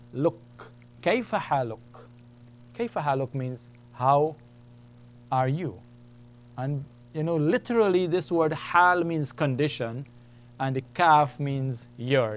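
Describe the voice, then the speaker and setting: A man teaching a beginners' lesson, patiently explaining and repeating each point step by step. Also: fairly high pitch. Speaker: Arabic teacher. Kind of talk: classroom lesson.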